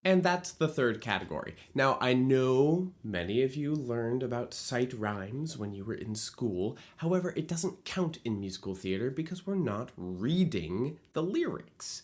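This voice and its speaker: A man giving a scripted online lesson on musical theatre writing, in a playful and expressive way. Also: mid-range voice, a little slow.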